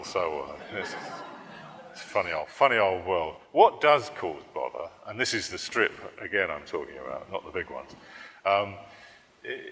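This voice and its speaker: Deep, bright-toned cartoonist in an echoing hall. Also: male voice. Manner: rambling, self-correcting, dry humor. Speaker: political cartoonist. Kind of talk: public talk.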